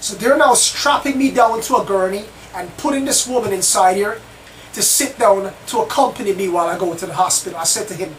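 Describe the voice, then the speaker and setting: A man's voice: sits high, fairly quick. A man hosting his own channel, telling a story in the first person in a rambling, repetitive way. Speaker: channel host. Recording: distant mic, faint background noise.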